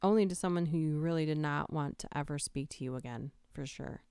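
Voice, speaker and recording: Here a livestream host with a deep, resonant, mellow voice speaks briskly and clearly, giggling and chatting from home despite a slightly allergy-stuffed nose. She drops to a whisper for the creepy lines she reads out. The sound is dry and studio quality, captured close to the mic.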